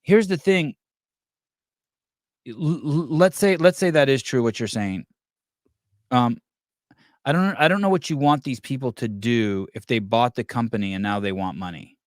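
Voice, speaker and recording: A man's voice: medium pitch, moderate pace, long pauses, no echo. Man, podcast host, loose and profane, lots of restarts, dry close sound. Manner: profane, rambling, many restarts. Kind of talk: casual live-stream chat taking calls.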